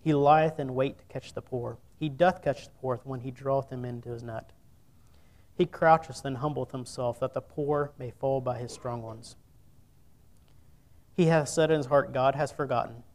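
An earnest male preacher, midway in pitch, reads old scripture with weight before turning to speak straight to his listeners. His delivery rises and falls in loudness as he presses his points. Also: steady tone, moderate pace. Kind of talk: sermon with scripture reading.

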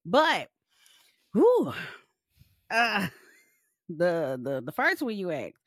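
A young adult woman co-hosting a podcast in a blunt, animated, profane casual chat. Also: on the low side, extremely slow, no echo, studio quality. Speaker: podcast co-host.

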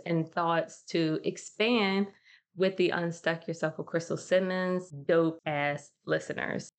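Chatty woman podcast host, lowish voice. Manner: slangy, chatty, addresses listeners as y'all. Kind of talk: casual solo podcast monologue.

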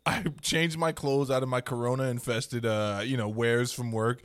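A man co-hosting a podcast, excitable and quick to laugh as he tells stories in casual chat. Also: medium pitch, clean tone, no echo, clean studio sound. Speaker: podcast co-host.

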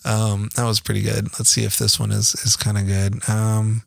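Chatty dad in a dry booth. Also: male voice, on the low side, completely flat delivery, normal speed, creaky, no echo. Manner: rambling, laughs often, many restarts. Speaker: podcast co-host, father. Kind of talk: casual storytelling chat.

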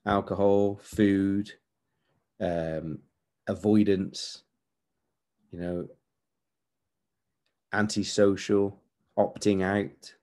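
A man's voice: on the low side, flat delivery, very slow, long pauses, a little mellow. A man in his forties hosting a podcast, giving an earnest, candid motivational monologue with repeated emphatic phrases. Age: 40s. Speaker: podcast host.

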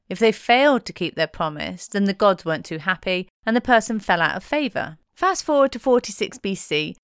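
A woman's voice: medium pitch, clean tone, no echo, studio quality. A woman presenting in a playful, cheeky tone, reading a scripted narration.

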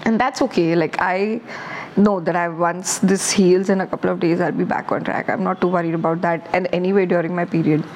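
A woman's voice: on the low side, steady tone, brisk, a little mellow, slight background noise, low-quality recording. A woman hosting her own podcast, talking on her own in a candid, rambling, self-reflective way. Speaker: podcast host. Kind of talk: casual solo podcast monologue.

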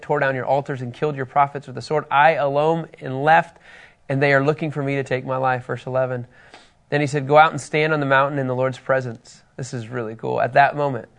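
A man teaching a Bible lesson to a group, reading scripture passages aloud and asking his listeners questions in an animated way. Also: mid-range voice, vocal fry.

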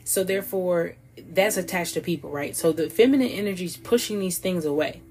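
A woman with a slightly low voice leads a spiritual oracle card reading in a loose, rambling way. She restarts her sentences, swears casually and talks directly to her listeners. Clear music plays underneath the whole time. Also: fairly quick, darkish tone. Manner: rambling, profane, frequent restarts; addresses listeners directly as y'all. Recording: clear music playing behind.

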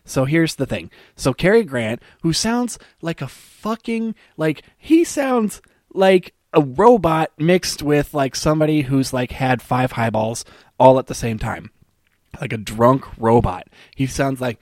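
A man's voice: medium pitch, expressive, unhurried, darkish tone, dry recording. Male comic reviewer, sarcastic and crude, dry unroomy voice. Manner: sarcastic, profane, mocking. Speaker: movie reviewer. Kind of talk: comedic movie rant.

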